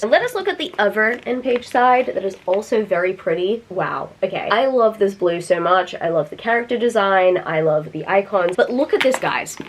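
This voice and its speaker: A young Australian woman vlogging a book unboxing, gushing and excitable, with frequent laughs. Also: mid-range voice. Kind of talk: casual unboxing vlog.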